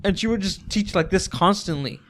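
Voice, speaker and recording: A man's voice: high-pitched, moderate pace, fairly bright tone. A young man co-hosting a casual podcast who reads out the chat and laughs often. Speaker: podcast co-host reading the chat.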